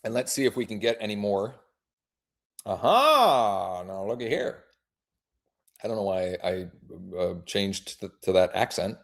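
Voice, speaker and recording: A man's voice: lowish voice, fairly even intonation, moderate pace, a little mellow. A man who works as a real estate agent, running a live workshop and making friendly, informal phone calls to leads.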